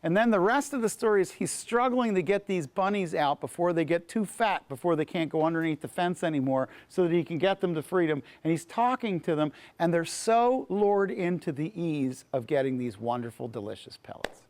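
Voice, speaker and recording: A man who is a pastor and Bible teacher, telling a story in a class in an animated way, often repeating words. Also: a little high, fairly quick, few pauses, no room sound.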